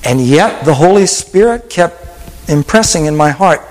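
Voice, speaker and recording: A male pastor preaching a sermon with an altar call, telling stories in a voice that drops to hushed whispers and rises to emphatic peaks. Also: fairly high pitch, sing-song, moderate pace, in a large hall, a little hiss or hum, rough recording.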